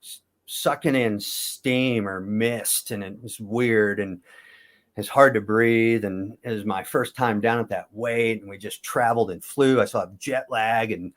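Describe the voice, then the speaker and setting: A low-pitched middle-aged man recounts old competition stories in a loose, rambling way. He restarts and corrects himself often, and chuckles at his own tales. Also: measured pace. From United States. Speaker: interview guest, former wrestler. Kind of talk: casual storytelling.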